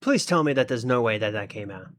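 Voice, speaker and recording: A man's voice: mid-range voice, animated, quick pace, fairly bright tone, a little hiss or hum. A man with an Australian accent, chatting casually with his audience during a gaming livestream in a rambling, talkative way. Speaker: streamer.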